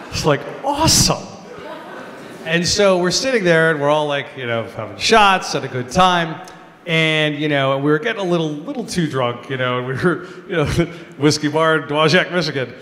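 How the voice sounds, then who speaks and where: A man, a comedian, telling a lively story at a gala, talking animatedly. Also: fairly high pitch, normal speed. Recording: echoey hall, faint noise.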